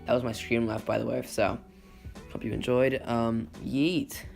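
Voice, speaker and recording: A man's voice: medium pitch, little pitch movement, unhurried, vocal fry, darkish tone. Sarcastic man riffing over guitar music. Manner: sarcastic and incredulous, laughs at own jokes. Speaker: YouTuber reading and mocking Reddit posts. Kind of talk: casual comedic commentary.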